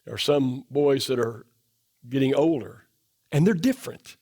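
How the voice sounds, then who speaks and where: A middle-aged man preaching a sermon in a church, asking the congregation question after question, his voice dropping low and soft to drive points home. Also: lively intonation, normal speed. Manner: emphatic, asks the congregation rhetorical questions. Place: church sanctuary.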